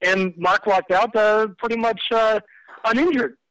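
Man, forties, high voice, rapid talk, sounds far off on a tinny phone line. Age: 40s. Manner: quick, animated, laughing retelling. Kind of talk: casual storytelling interview. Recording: distant, phone-like audio.

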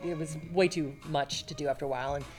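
A woman in her forties, a longtime television host, chatting as a guest and telling stories in a lively way, acting out the people she quotes. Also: low-pitched, fast talker, soft background music. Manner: animated storyteller, acts out quotes. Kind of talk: casual chat.

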